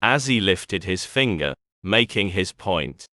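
In a clean studio recording with no echo, a low-pitched man narrates an audiobook from a script. His reading stays steady and measured throughout.

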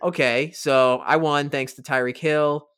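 A man's voice: a little high, fairly even intonation, unhurried, fairly bright tone, clean tone. A man hosting a casual podcast, telling stories in a playful, hyped way. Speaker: podcast host.

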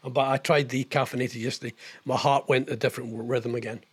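A man's voice: mid-range voice, level tone, slightly rough. An older man hosting a casual live show, chatting in a rambling way about old television and reading viewer messages. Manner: rambling, chatty, quick impressions and laughs. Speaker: host of a live online radio show.

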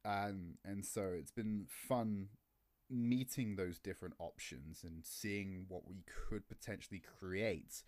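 A man's voice: takes it slowly, darkish tone. Chatty man in casual esports talk. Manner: chatty, laughs easily, acts out quotes with a higher voice. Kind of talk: casual podcast chat.

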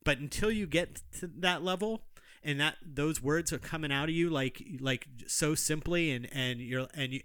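A man's voice: a little high, moderate pace, a bit bright, clean tone, no echo, studio quality. A man co-hosting a podcast in casual chat, arguing his points emphatically and repeating himself for force. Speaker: podcast co-host.

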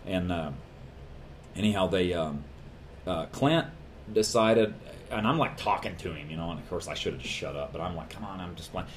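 A man with a very low, deep voice tells a long story in a plainspoken, rambling way, full of folksy turns of phrase. The sound is roomy, with a faint hiss underneath. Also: normal speed, pauses often. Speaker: guest telling a story. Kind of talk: casual spoken storytelling.

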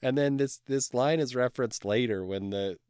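A man's voice: mid-range voice, moderate pace, darkish tone, clean tone, dry recording, clean studio sound. A man co-hosting a movie podcast, eagerly walking through scenes in casual chat. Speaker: podcast co-host.

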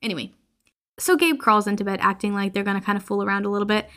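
A woman's voice: medium pitch, fast, a bit bright. Woman, podcast host, casual movie recap, chatty, lots of fillers.

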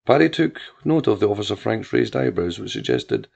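A man narrating a crime drama story in a measured way. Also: lowish voice, expressive, gravelly, darkish tone, slightly rough. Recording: dull lo-fi with faint music.

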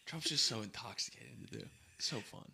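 A young man co-hosting a podcast, chatting casually in an animated, quick way with lots of fillers and laughs. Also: mid-range voice, vocal fry, husky. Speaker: podcast co-host. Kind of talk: casual chat.

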